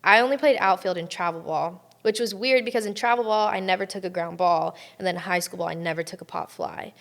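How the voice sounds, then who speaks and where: A woman's voice: lowish voice, fairly quick, creaky. A young adult woman, a college athlete guest, telling a story in casual chat and often saying "like". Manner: chatty storytelling, frequent "like".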